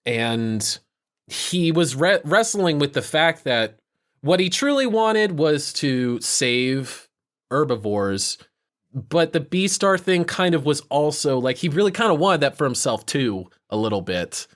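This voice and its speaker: A man's voice: fairly high pitch, big pitch swings, a little slow, a bit bright. A man co-hosting a podcast in casual chat, thoughtful and hedging as he works through his points. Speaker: podcast co-host.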